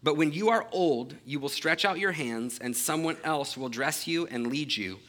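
A man preaching a sermon, reading scripture aloud and then explaining it in an earnest, emphatic way that slows down on key phrases. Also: on the high side, fairly bright tone.

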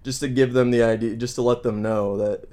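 A man from the United States co-hosting a podcast, talking in a relaxed, conversational way and explaining things plainly. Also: mid-range voice, fairly quick. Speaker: podcast co-host. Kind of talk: casual chat. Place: Santiago, Chile.

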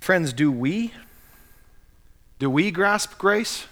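A man's voice: high voice, expressive, drawn-out words, a bit bright. A man preaching a sermon as pastor, earnestly acting out the quotes he cites.

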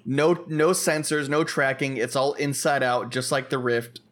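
A man's voice: medium pitch, level tone, unhurried, fairly bright tone. A young man co-hosting a podcast, chatting casually and explaining things in eager detail. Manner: enthusiastic, explains gear in detail. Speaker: podcast co-host. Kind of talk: casual chat.

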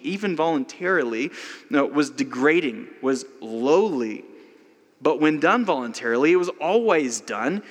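A man in the middle of his vocal range preaches a sermon, talking to his congregation conversationally and leaning on "like" as he builds homely examples. His voice carries a long reverb, as if from a church sanctuary. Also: medium pitch. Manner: conversational, frequent "like", lively illustrations. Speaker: pastor.

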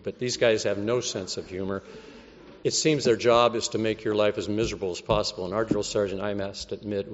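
Low-voiced man telling his story in a hall. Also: highs cut off. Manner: wry, conversational, acts out quoted voices. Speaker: speaker giving a personal testimony. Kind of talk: storytelling testimony.

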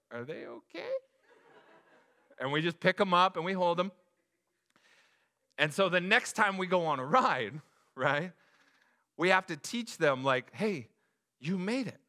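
A man in his thirties, a pastor preaching a sermon, telling a family story with lively acted-out voices. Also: on the high side, unhurried, long pauses. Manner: animated storyteller, acts out voices. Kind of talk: sermon with personal stories.

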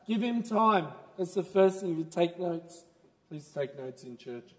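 A man preaching a sermon in church, animated and laughing as he talks. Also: sits high, moderate pace, long reverb tail. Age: 30s.

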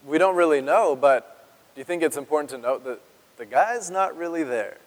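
A man's voice: fairly high pitch, moderate pace, big-room sound. A man preaching a sermon as pastor, talking conversationally and asking his congregation questions. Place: church sanctuary.

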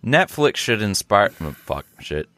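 A man co-hosting a comedy podcast, laid-back and joking. His voice is deep and slow with a lively swing, bright and dry. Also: dry recording. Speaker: podcast co-host. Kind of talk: casual comedy chat.

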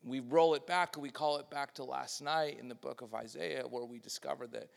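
A man preaching a sermon, moving between loud, lively passages and hushed, quiet ones, and acting out the voices he quotes. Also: medium pitch, normal speed, creaky. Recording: long hall reverb.

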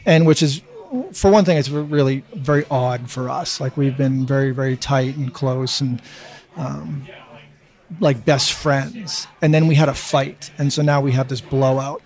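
Halting man in his fifties. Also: mid-range voice, fairly even intonation, a little mellow. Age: 50s. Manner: halting, many restarts, swears freely. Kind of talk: casual chat.

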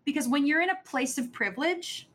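A woman co-hosting a casual podcast, with a voice a little higher than most women's. She talks earnestly and thoughtfully, often stopping to restart a phrase. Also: expressive, brisk, fairly bright tone. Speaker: podcast co-host.

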